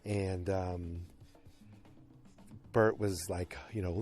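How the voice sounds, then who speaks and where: A man's voice: lowish voice, lively intonation, a little fast, a little mellow, soft background music. A man hosting a podcast who recaps a TV episode in a rambling, chatty way with many fillers. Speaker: podcast host.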